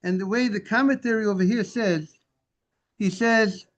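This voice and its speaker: High-voiced man teaching Talmud on a call. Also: moderate pace. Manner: animated explaining, translating Hebrew and Aramaic phrases. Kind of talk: Talmud class lecture. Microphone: video call. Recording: dull lo-fi video call audio.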